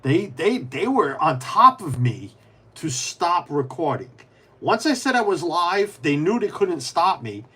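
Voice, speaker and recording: A man's voice: fairly high pitch, big pitch swings, unhurried, bright, forceful tone, breathy edge. A man on a casual live stream, rambling with many restarts, answering viewers by name and muttering to himself as he builds. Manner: mutters to himself while fiddling with pieces. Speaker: livestreamer.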